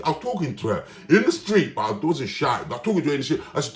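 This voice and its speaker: Agitated man, rambling solo vlog rant with lively pitch, recorded in a roomy space. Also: racing, hardly any pauses. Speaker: vlogger. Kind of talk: rambling casual monologue. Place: indoors, his room. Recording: roomy echo.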